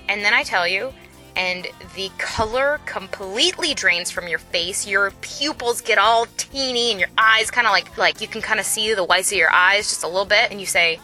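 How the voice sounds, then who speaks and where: A woman with a very bright, somewhat high voice tells a long story in a casual, chatty way. She jumps into the voices of the people she describes. Faint music plays behind her. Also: lively intonation, normal speed.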